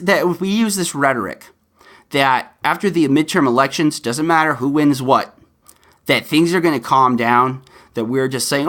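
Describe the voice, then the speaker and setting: A man's voice: a little high, lively intonation, unhurried, a bit bright. A man hosting his own podcast talks alone to his listeners. He speaks earnestly and often pleads with them. His talk is loose and full of ums and uhs. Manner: earnest and pleading, with frequent fillers. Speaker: podcast host. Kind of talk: solo podcast monologue.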